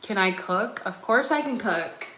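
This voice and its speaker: A woman's voice: medium pitch, expressive, a little slow, heavy background noise. Chatty young woman with a Californian accent, casual rambling vlog talk; mic set far off, roomy bathroom echo. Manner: rambling, chatty, answers viewer questions aloud. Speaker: vlogger. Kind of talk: casual chat while cleaning. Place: bathroom at home. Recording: echoey bathroom, voice from afar.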